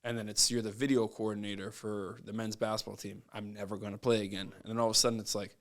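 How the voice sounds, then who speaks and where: A man guesting on a podcast as a basketball coach, telling stories in a casual, animated way and acting out what people said. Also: on the low side, fast, hardly any pauses. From Nova Scotia, Canada. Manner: animated, acts out quoted voices. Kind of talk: casual storytelling.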